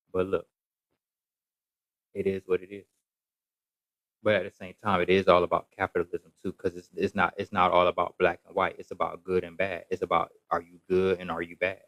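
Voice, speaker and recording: A man's voice: low voice, little pitch movement, fairly quick, fairly bright tone, dry recording, low-quality recording. A man ranting casually to camera in a rambling, repetitive, emphatic way. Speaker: social media commentator.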